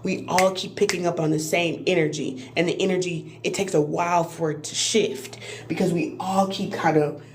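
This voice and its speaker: A woman's voice: on the low side, fairly even intonation, moderate pace, crowd noise. A woman who gives spiritual readings, teaching on a phone live stream in an earnest way, often checking in with "right?" and restarting her words. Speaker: spiritual reader and Reiki healer.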